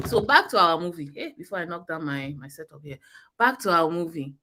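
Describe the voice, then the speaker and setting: Bright-voiced Nigerian woman reviewing a film. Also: on the low side, a little fast. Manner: animated, laughing retelling. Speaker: movie review co-host. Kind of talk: casual chat.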